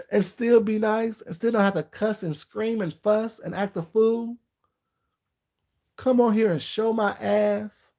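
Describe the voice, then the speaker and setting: A man doing casual live-stream commentary, sassy and emphatic, leaning on slow, repeated rhetorical questions and greeting his chat. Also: high-pitched, creaky, a little mellow.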